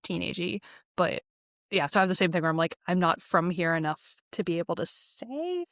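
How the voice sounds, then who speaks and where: A young adult woman from Alabama hosting a podcast, talking chattily with lots of fillers and lively asides. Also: on the low side, a little fast, dry recording, clean studio sound. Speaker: podcast host. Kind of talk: casual conversation.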